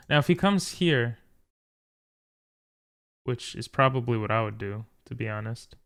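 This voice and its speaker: A man's voice: medium pitch, animated, unhurried, long pauses, fairly bright tone, smooth. A tired, frustrated man commentating his own chess game, thinking aloud and talking to viewers. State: tired from little sleep. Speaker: chess streamer.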